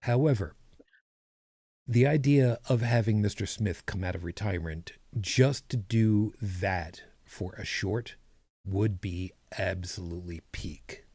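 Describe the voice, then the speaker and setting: A man's voice: on the low side, a little slow, mellow, dry recording. A man co-hosting a podcast, chatting casually with a rambling, self-correcting manner and dry humor. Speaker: podcast co-host. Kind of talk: casual chat.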